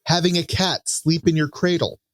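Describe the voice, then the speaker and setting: A man's voice: fairly high pitch, fairly even intonation, moderate pace, no echo, clean studio sound. A man co-hosting a podcast, playfully running a trivia game and reading out numbered options. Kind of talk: casual podcast chat.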